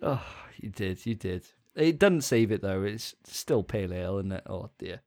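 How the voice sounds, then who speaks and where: A man's voice: lowish voice, lively intonation, normal speed, a little mellow. A young man co-hosting a podcast, chatting casually with a jokey, self-mocking way of telling stories. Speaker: podcast co-host. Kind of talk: casual chat.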